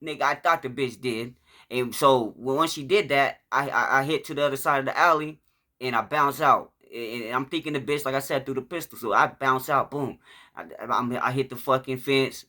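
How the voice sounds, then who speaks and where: Bright-voiced man telling a rough story. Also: medium pitch. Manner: profane, rambling, acts out shouts and quotes. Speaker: vlogger telling his life story. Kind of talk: casual storytelling monologue.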